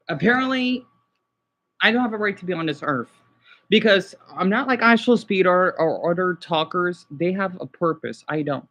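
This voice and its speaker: A man's voice: high voice, normal speed, fairly bright tone. Distraught young man on a live stream. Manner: distraught, swearing, repeating himself. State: exhausted and upset. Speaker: livestreamer talking to viewers. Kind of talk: unscripted live stream talk.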